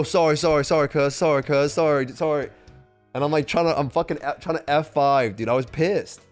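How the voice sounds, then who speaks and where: A young man streaming, telling a rambling story in casual, profane talk and mimicking people in a high voice. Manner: animated, profane, high-pitched mimicry of others.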